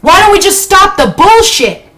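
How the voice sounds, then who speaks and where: A woman's voice: very high-pitched, big pitch swings, normal speed, bright, forceful tone, poor audio. A woman live-streaming from her bedroom, ranting bluntly and heatedly with a lot of swearing. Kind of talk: unscripted live-stream rant.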